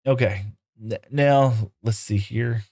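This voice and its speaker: A man's voice: mid-range voice, takes it slowly, darkish tone. A man live-streaming a game, chatting casually with viewers and coaxing his in-game horses in playful broken talk.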